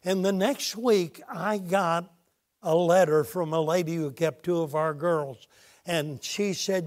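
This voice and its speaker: Male preacher, slow deliberate delivery, dramatic pauses, storytelling sermon. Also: sits high, a little mellow. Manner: dramatic pauses, retells stories with acted quotes.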